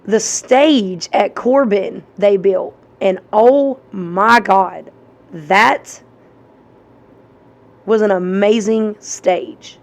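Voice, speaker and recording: A woman's voice: mid-range voice, extremely slow, vocal fry. A woman giving casual reaction commentary, enthusiastic and casually cursing.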